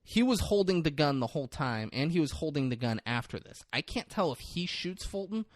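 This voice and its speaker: A man's voice: on the high side, a little fast, no echo, clean studio sound. A man co-hosting a podcast, recapping a film in casual chat and acting out characters' lines. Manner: animated, swears, acts out movie lines in big voices. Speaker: podcast co-host.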